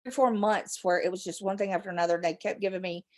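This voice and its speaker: A woman's voice: mid-range voice, fairly even intonation, fast. A middle-aged woman, hosting a rambling live chat with her viewers and laughing often. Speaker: livestream host.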